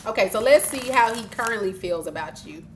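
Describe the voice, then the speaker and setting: A woman's voice: a little high, animated, brisk, a little hiss or hum. A woman giving live tarot readings to viewers, chatty and teasing, breaking into laughter often and speaking straight to her audience. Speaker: tarot reader.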